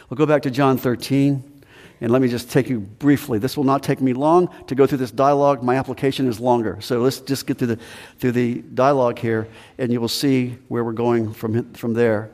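Male pastor mid-sermon, chatty and emphatic, booming church reverb. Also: steady tone, normal speed, darkish tone. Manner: conversational preaching, pitch rises and drops for emphasis. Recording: long reverb of a large hall.

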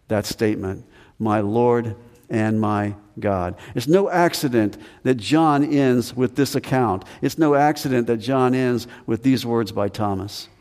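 A man's voice: medium pitch, moderate pace, hardly any pauses, a little mellow, big-room sound. A male pastor preaching a sermon on scripture who sometimes acts out the lines of the people in it with a raised voice.

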